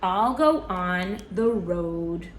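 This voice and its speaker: A woman's voice: on the low side, drawn-out words, slight background noise, pitched below the performer's own voice. A woman voicing a plucky young girl who races her wheelchair, speaking plainly and insistently in a story read aloud. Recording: roomy echo.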